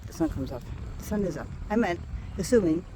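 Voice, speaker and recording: Woman, casual vlog narration, thinking aloud, handheld camera, outdoors, loud wind and rain noise. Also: fairly low pitch, expressive, fairly quick. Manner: chatty, thinking aloud, describing what she sees. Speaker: vlogger. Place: outdoors at a rainy, windy beach campground.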